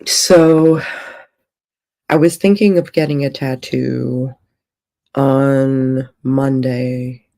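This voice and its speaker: A woman's voice: rumbling low, fairly even intonation, drawn-out words, gravelly, pauses often, mellow. A woman streamer and author chatting casually on a livestream from a hotel room, rambling and thinking aloud.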